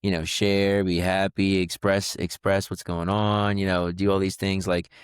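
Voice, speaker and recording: Podcast co-host, man, deep voice, rambling reflective chat, dry studio. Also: level tone, moderate pace, clear, resonant tone, no room sound. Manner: rambling, many fillers and restarts. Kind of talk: casual conversation.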